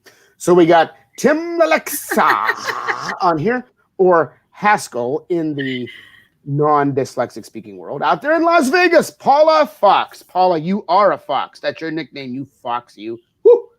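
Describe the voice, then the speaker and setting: A man's voice: on the high side, very animated, measured pace, a bit bright, a little hiss or hum. A middle-aged man co-hosting a casual chat show, rambling and teasing like a big brother. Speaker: co-host.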